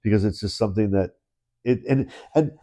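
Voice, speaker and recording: A man with a low, mellow voice co-hosts a podcast in relaxed, casual conversation. He rambles, restarts his sentences and chuckles along as he tells his stories. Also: fairly quick. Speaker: podcast co-host. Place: indoors, in-person studio.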